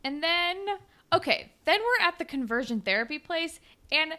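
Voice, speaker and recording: A woman with a fairly high voice recaps a show with friends. She slips into quoted lines as she goes and laughs easily. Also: lively intonation, moderate pace, bright, forceful tone. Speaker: podcast co-host recapping a show. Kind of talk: casual chat.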